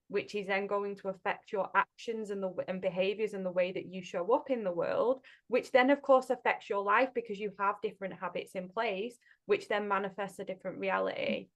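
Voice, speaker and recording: A woman healing coach in a casual podcast chat, speaking gently and reassuringly and often checking in with "right?". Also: mid-range voice, fairly even intonation, normal speed, dull audio.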